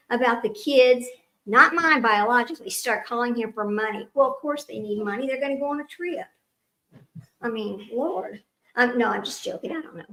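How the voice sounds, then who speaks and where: A middle-aged woman hosts a casual trivia livestream, her high voice pushed and bright at a normal speed. She rambles from aside to aside, laughs often, and treats her audience like old friends. The audio is poor.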